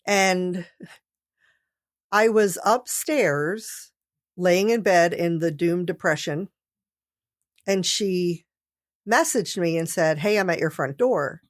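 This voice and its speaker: A woman's voice: on the low side, slow pace, long pauses, no room sound, clean studio sound. A woman co-hosting a podcast, telling stories in casual chat and laughing often. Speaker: podcast co-host.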